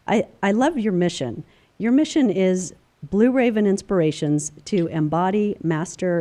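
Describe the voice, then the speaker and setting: A woman's voice: lowish voice, warm tone. A woman hosting a podcast interview, encouraging and affirming her guest as she asks questions. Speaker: podcast host.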